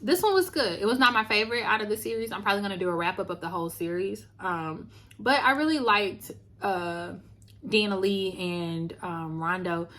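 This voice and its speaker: A woman from Louisiana chatting casually to viewers as she reviews books on her channel, animated and talking straight to the camera. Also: mid-range voice, normal speed. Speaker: book vlogger. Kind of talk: casual book review chat.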